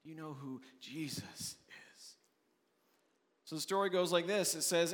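A man preaches an earnest midweek sermon, talking it through plainly and often restarting his phrases. His voice sits on the higher side, and long reverb from the church hall trails after each line. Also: normal speed. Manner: earnest, restarts often, voices quoted questioners in a raised pitch. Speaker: pastor.

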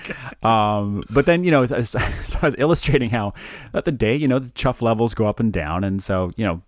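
A cheerful man with a low voice talks casually as a podcast co-host. He tells stories in an upbeat, easygoing way. The sound is dry and close, without echo. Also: expressive, fairly quick. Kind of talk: casual chat.

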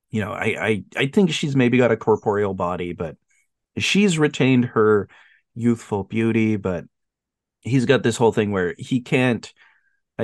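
A man hosting a podcast in casual chat, animated, laughing often and briefly mimicking voices. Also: fairly low pitch, no room sound, studio quality. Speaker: podcast host.

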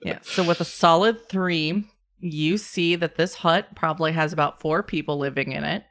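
A woman with a lowish voice narrates a tabletop scene as game master. She talks loosely, with a lot of fillers. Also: steady tone, moderate pace, a bit bright. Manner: casual, filler-heavy narration.

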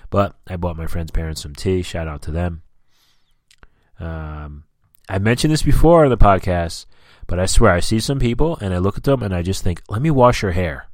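Man, podcast host, low voice, profane rambling rants, dry room. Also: normal speed, darkish tone, dry recording. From New York and New Jersey area. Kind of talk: casual solo podcast monologue.

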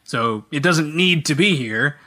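A man co-hosting a casual gaming podcast, jokey and animated, often slipping into silly voices. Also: a little high, unhurried. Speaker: podcast co-host.

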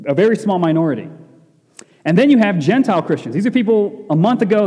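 A man's voice: a little high, dark tone. A man preaching a Bible sermon to a congregation, emphatic, repeating key phrases and asking rhetorical questions. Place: church hall with congregation. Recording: long echoey hall reverb.

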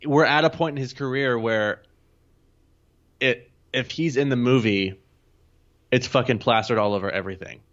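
A man co-hosting a podcast, chatting casually and quickly with the odd swear word. His voice sits at an ordinary pitch. The audio is a bit dull and lo-fi. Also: a bit bright. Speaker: podcast co-host. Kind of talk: casual chat.

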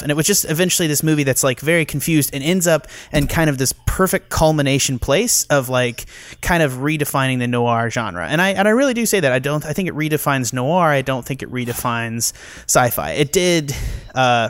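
A man's voice: mid-range voice, a little fast, fairly bright tone, no room sound. A man co-hosting a podcast in casual film review chat, talking in long rambling runs with many restarts. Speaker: podcast co-host.

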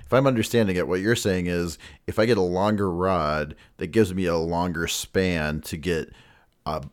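A man co-hosting a fishing podcast in casual chat, easygoing and quick to laugh. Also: deep voice, fairly even intonation. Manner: giggly, easygoing, laughs often. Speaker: podcast co-host.

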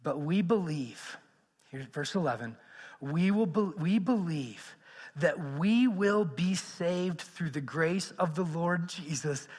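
A man with a high voice preaching to a congregation. He keeps it animated, rising to loud emphasis and then dropping to hushed tones. A long reverb trails his words through the hall. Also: takes it slowly, slightly rough. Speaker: pastor. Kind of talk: sermon.

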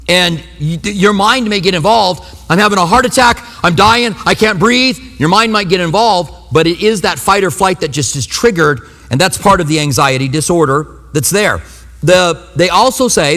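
A man's voice: sits high, pushed and bright. A man preaching a sermon as a pastor, talking in a conversational way and acting out funny reactions as he tells stories. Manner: conversational, humorous storytelling with acted-out reactions. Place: church sanctuary. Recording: long reverb of a large hall.

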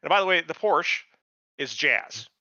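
A middle-aged man rants in casual podcast chat, swearing freely and sounding incredulous. His voice is forceful and bright. The sound is dry and a little dull, like a lo-fi podcast mic. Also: fairly high pitch, lively intonation, a little slow, dry recording. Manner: profane, ranting, incredulous. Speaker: podcast co-host.

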